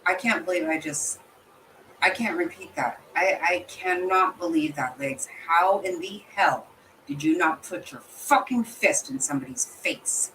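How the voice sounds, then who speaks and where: A woman's voice: fairly low pitch, measured pace, bright, forceful tone, slight background noise, low-quality recording. A woman reacting in casual chat, blunt and outraged, swearing freely. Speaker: channel host reacting to a livestream guest.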